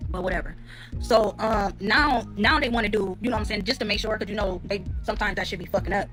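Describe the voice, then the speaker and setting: A woman's voice: mid-range voice, fast talker, faint music behind. A woman telling a personal story in casual speech, rambling with fillers and swearing freely. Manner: rambling with many fillers, acts out quotes loudly. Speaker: storyteller in a reaction clip. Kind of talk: casual storytime, profane and candid.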